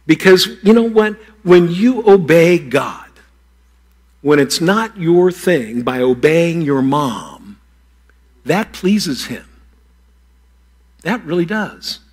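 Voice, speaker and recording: A pastor giving a playful children's sermon, teasing and talking straight to the kids. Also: male voice, a little high, lively intonation, takes it slowly, long pauses, husky.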